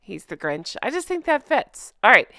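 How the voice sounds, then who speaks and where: Bright, lively woman mocking the news. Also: fairly high pitch, normal speed, dry recording, studio quality. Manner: laughing, mocking, animated. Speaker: host. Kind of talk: sarcastic commentary chat.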